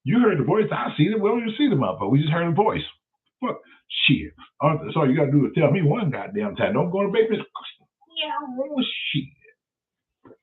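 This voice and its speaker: A man hosting his own show, telling stories in a profane, animated way. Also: on the high side, fast talker. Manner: profane, animated, loud storyteller. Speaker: show host. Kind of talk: casual livestream storytelling. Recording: tinny phone-like sound.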